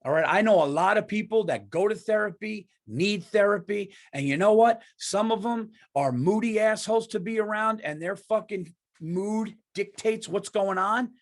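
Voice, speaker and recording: Fired-up profane man ranting, high voice. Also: normal speed, few pauses. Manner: profane, emphatic, worked up. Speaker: podcast host. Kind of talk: heated comedic rant.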